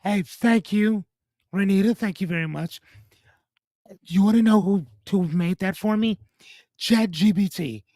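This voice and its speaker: Joking livestream host, higher-pitched man. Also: unhurried, long pauses, warm tone, no room sound, clean studio sound. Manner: loose and joking, reads out chat names and comments; swears casually, breaks off with 'hold on'. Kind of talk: casual livestream chat with viewers.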